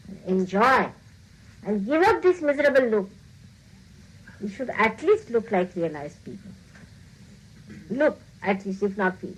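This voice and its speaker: A woman's voice: mid-range voice, fairly bright tone, slight background noise, poor audio. A woman giving a spiritual talk to her followers, scolding them playfully, laughing often and acting out the voices she quotes. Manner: teasing, scolding with frequent laughter. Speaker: spiritual teacher.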